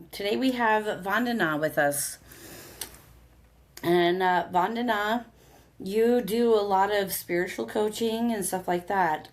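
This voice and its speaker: A woman hosting a podcast, chatty and loose, rambling a little as she introduces topics. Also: medium pitch. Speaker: podcast host. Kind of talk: casual podcast interview.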